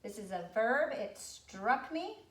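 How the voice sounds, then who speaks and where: A woman's voice: fairly high pitch, sing-song, slow, reverberant. Patient woman teaching a spelling lesson. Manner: patient, spells words out letter by letter. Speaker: second grade teacher. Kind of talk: spelling lesson for young children.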